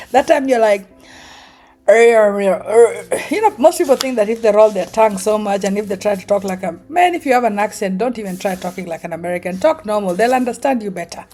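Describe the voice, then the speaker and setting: A woman's voice: mid-range voice, animated, a little fast, dark tone. A middle-aged woman from Kenya with a Kenyan accent, telling stories in a casual vlog, laughing often and acting out the voices she quotes. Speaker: vlogger. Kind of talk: casual storytelling monologue.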